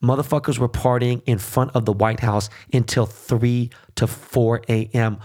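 A man's voice: mid-range voice, steady tone, normal speed, darkish tone. A man hosting a podcast, in a heated, profane political rant with frequent "okay?" check-ins. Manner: heated, swearing constantly, repeats "okay?". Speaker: podcast host.

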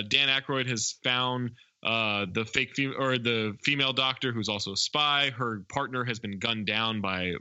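Male podcast co-host, bright and dry, rambling casual movie recap. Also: on the low side, dry recording, lo-fi sound. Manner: rambling plot recap with fillers.

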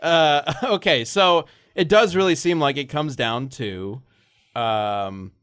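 A man's voice: a little high, slow pace, a bit bright, clean tone, no room sound, studio quality. A man hosting a live stream in casual chat, laid-back, steering the discussion and answering viewers.

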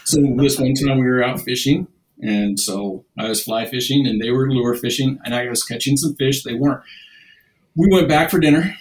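Male guest, casual rambling storyteller, mid pitch. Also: moderate pace, poor audio. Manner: rambling anecdotes with many restarts and acted-out quotes.

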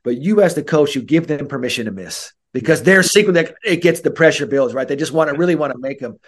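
A man's voice: a little high, animated, fast. A man who is a mental skills coach, speaking as a podcast guest and acting out kids' and coaches' voices. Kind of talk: podcast interview.

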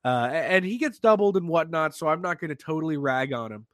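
A man hosting a sports podcast, talking in an animated, excitable way with lots of restarts. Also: a little high, brisk, dry recording. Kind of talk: casual sports talk.

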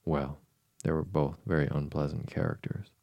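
Curious little girl, read by a man, super deep voice, flat and mellow. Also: moderate pace, vocal fry, dry recording. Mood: earnest. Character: polite curious young girl.

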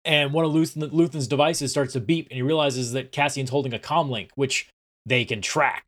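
A man in a relaxed podcast chat, recapping an episode in an easygoing way. He talks at an ordinary pitch and trips over his words now and then. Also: normal speed. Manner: relaxed, casual, with some stammering restarts. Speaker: podcast co-host.

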